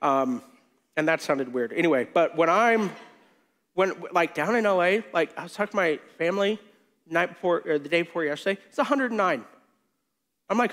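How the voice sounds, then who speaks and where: A man with a fairly high voice preaching a sermon. He talks in a chatty, animated way, cracks jokes and acts out the lines of the people in the story. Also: fairly quick. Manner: animated and conversational, with jokes and acted-out quotes. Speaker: pastor.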